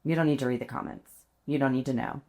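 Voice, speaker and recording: A woman's voice: a bass voice, fairly even intonation, quick pace, a little mellow. A woman co-hosting a podcast, telling stories in casual chat, laughing often and poking fun at herself. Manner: chatty, laughs often, self-deprecating storytelling. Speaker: podcast co-host.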